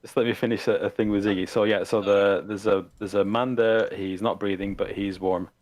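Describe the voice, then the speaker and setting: Low-voiced man running a tabletop game. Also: fairly even intonation, brisk, crowd noise. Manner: hesitant, lots of fillers. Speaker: game master.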